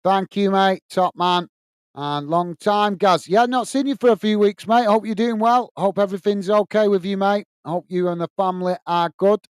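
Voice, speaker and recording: A man's voice: high voice, steady tone, normal speed, clear, resonant tone, no echo, studio quality. Chatty man commentating a match. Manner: chatty, reads out viewer comments between play-by-play. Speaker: watch-along host. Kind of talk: live match commentary and chat reading.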